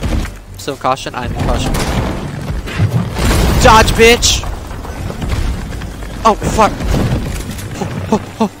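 A man streaming a horror game, commenting in an excitable way, swearing and yelping at scares. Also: sits high, slow, long pauses. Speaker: gaming streamer. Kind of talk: let's play commentary. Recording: game sounds and music behind voice.

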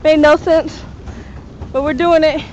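A woman's voice: high-pitched, fairly even intonation, measured pace, a little mellow, muffled recording, slight background noise. A young woman filming a casual vlog outdoors on a paddle boat, playful and complaining, out of breath from pedaling. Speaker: vlogger.

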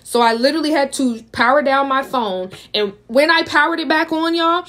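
A woman's voice: high-pitched, normal speed, fairly bright tone. A young adult woman from the United States, telling a dramatic storytime in a chatty way and talking straight to her viewers. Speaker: vlogger. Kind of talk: casual storytime.

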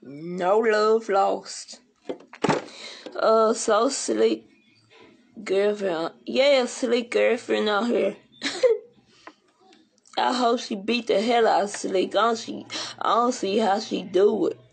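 A woman's voice: mid-range voice, slow pace, gravelly, pauses often, a little hiss or hum. A woman ranting bluntly and profanely in a casual livestream, rambling from one complaint to the next.

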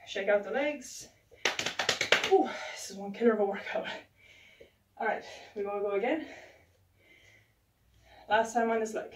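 Fitness instructor, woman, winded, slow-paced coaching; recorded at home from a distant camera. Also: fairly high pitch, dark tone. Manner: encouraging, counts reps aloud while exercising. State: out of breath. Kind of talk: home workout instruction, counting reps. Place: room at home. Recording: roomy sound from a distant camera.

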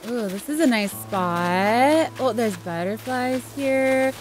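A young woman commenting on her gameplay with giggly, gushing excitement. Her high voice swoops all over the place, and she draws out her words. Game music plays behind her. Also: takes it slowly. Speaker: gaming video host.

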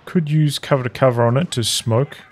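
Calm male strategy game caster. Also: medium pitch, fairly quick, slight background noise. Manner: calm, analytical, even-paced. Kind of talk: strategy game play-by-play commentary. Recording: commentary over loud game sound. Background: gunfire, artillery and vehicles.

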